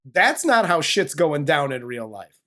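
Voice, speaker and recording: A man hosting a movie review podcast, chatting casually with crude jokes and an animated delivery. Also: a little high, a little slow, faint music behind. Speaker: podcast host.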